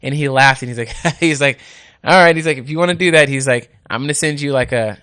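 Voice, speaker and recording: A man on a studio microphone telling a casual story, animated and quick to laugh as he acts out the people he quotes. The room sound is dry and close. His pitch sits in an ordinary middle range. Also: clear, resonant tone, dry recording. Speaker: radio host and race organizer. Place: indoor podcast studio.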